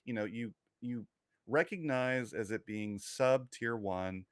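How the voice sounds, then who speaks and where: A man's voice: mid-range voice, slow, no room sound, clean studio sound. A man co-hosting a podcast who explains points at length and asks the others questions. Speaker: podcast co-host. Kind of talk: casual podcast chat.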